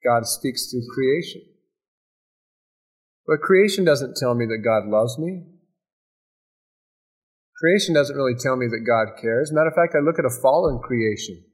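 A man preaching a sermon, emphatic, with repeated phrases and dramatic pauses. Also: mid-range voice, lively intonation, breathy edge. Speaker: pastor.

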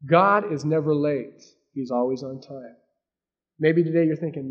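A man preaching a sermon, swinging between loud emphasis and hushed asides. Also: fairly high pitch, moderate pace, highs cut off. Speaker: pastor.

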